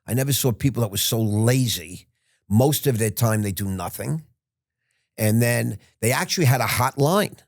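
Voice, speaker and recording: A man's voice: mid-range voice, animated, normal speed, vocal fry, no room sound, studio quality. A man in his sixties, a podcast guest, telling a rambling, frank story with restarts and the odd curse word. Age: 60s. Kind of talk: casual interview storytelling.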